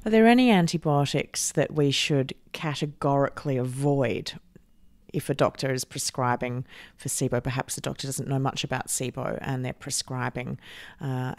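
Woman podcast host, super low smooth voice, calm earnest questions. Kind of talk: interview questions.

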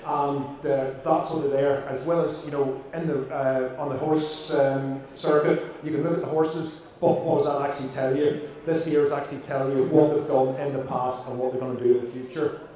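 A man's voice: medium pitch, flat delivery, moderate pace, a little mellow. A man with a Northern Irish accent, a vet giving a jokey presentation to an audience with frequent fillers. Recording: echoey room, distant mic.

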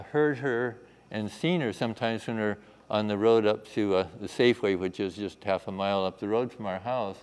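Man teaching a children's Bible lesson. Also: medium pitch. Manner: asks the room questions, acts out the story. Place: chapel. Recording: echoey hall.

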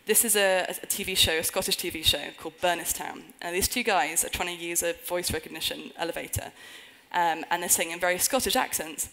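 Woman speaker, lowish voice, earnest conference talk with dry jokes thrown in. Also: steady tone, brisk, few pauses, bright, forceful tone, poor audio. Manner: earnest, with wry humorous asides. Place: conference stage before an audience.

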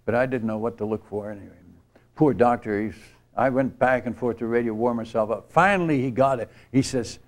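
A man's voice: medium pitch, brisk. Older man telling a mission story. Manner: earnest, rambling storytelling with many restarts. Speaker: missionary speaker. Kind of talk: storytelling sermon at a church retreat. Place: church retreat camp gathering.

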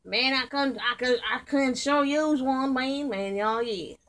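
Slow-talking, excitable woman playing games. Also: high-pitched, noisy background. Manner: excitable, joking, exclaims often. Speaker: gaming video creator. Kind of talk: playful gameplay commentary. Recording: clear game music behind voice. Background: game music.

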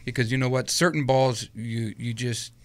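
Telling a lengthy personal story as a guest in a relaxed interview, this middle-aged man acts out others' words in animated fashion. His voice is medium in pitch and his speed normal.

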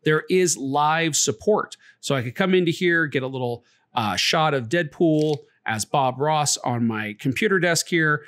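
A man hosting a photography channel, talking through a software tutorial in a relaxed, conversational way with frequent filler words. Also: on the high side, unhurried, dry recording. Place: home desk. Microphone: desktop mic, muffled at times while shooting.

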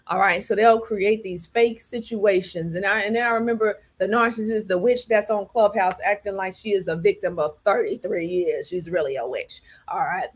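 With a medium-pitched, breathy voice, this host talks a little fast and barely pauses. Preaching emphatically, she performs quotes and keeps asking her audience "all right" and "do you understand me."

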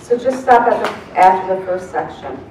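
A woman's voice: mid-range voice, moderate pace, noisy background. A woman presenting a proofreading seminar in a large room, casual and chatty with plenty of "um"s. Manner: relaxed, filler-heavy, chatty. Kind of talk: classroom teaching. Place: large room with many people. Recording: distant, echoey room recording.

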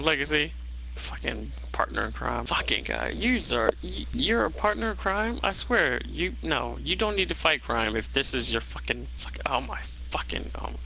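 Sharp-voiced man ranting over gameplay. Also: mid-range voice, expressive, normal speed, vocal fry, slight background noise, poor audio. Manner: exasperated, swearing rant at his teammate. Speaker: gamer. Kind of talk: live gameplay commentary.

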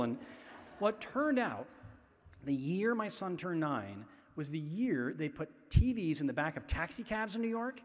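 A middle-aged man from the Boston area telling chatty anecdotes at a public talk, full of "you know" asides. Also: sits high. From Boston area, USA. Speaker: author giving a festival talk. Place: large festival venue. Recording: long hall reverb in a big venue.

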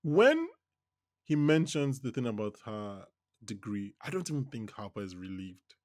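A man co-hosting a podcast in a casual TV recap chat, animated, laughing often and restarting his sentences. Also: mid-range voice, normal speed, no room sound, clean studio sound. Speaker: podcast co-host.

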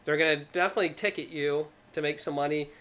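A man's voice: a little high, fairly even intonation, quick pace, fairly bright tone. A man co-hosting a podcast, chatting casually about a movie, often restarting his sentences and laughing easily. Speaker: podcast co-host. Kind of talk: casual movie-review chat.

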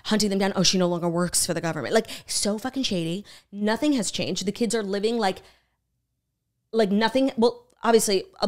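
A young woman retells a story on a casual podcast. She is animated and loose, swearing freely and filling her sentences with "like". Her voice sits at an ordinary middle pitch. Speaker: podcast co-host. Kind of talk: casual chat.

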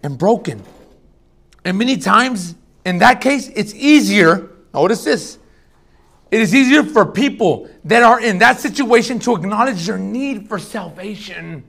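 A man preaching a sermon as pastor, casual and animated, swinging between loud bursts and hushed asides. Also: sits high, unhurried, gravelly.

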